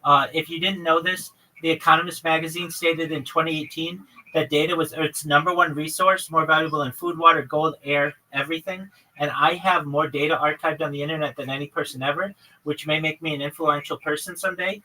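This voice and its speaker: A man's voice: fairly high pitch, fairly even intonation, brisk, bright, forceful tone, far from the mic, poor audio. A man hosting a livestream chat with a caller, earnestly listing his plans in long runs. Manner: earnest, lists many topics in long runs. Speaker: livestream host.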